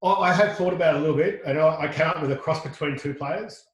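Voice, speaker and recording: A middle-aged Australian man, a podcast guest, tells a lively anecdote full of restarts and quoted dialogue. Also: on the high side, quick pace, reverberant, poor audio. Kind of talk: casual storytelling.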